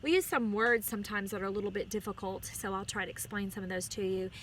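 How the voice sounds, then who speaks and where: A woman, a music teacher, reading a picture book aloud to her students outdoors and pausing to explain words to the children. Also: mid-range voice, fairly even intonation, fairly bright tone, slight background noise. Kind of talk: storybook read-aloud. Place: outdoors on a chilly day.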